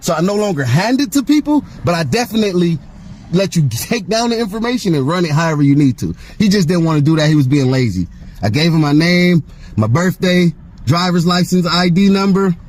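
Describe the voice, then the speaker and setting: A man's voice: high voice, animated, fairly quick, a little mellow. A man, speaking from his car during a traffic stop. He is firm and confrontational and swears often while recording on a handheld phone. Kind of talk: heated roadside argument. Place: seated in his car at the roadside.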